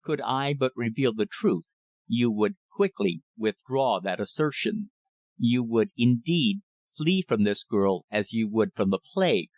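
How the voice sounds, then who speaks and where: Man voicing an old country rector, slow clerical drawl, grave, cynical, dry close sound. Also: medium pitch, expressive, a little mellow, no echo, lightly acted. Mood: grave, warning. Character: older male country rector, tall, thin-faced, cynical.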